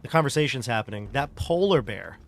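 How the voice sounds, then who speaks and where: A man's voice: mid-range voice, expressive, a little fast, creaky. A man narrating as game master of a tabletop game, loose and rambling with many fillers. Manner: loose, rambling narration full of "like" and "you know".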